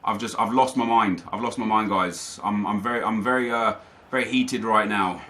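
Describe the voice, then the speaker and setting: A man's voice: on the low side, steady tone, moderate pace, sharp tone. A young man commentating live over his own gameplay, ranting in frustration to his viewers. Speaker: gaming YouTuber.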